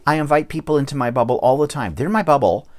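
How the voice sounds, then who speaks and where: A man's voice: mid-range voice, quick pace, a little mellow, lightly acted. A man doing a whiny self-pitying complainer. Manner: nasal whining complaint.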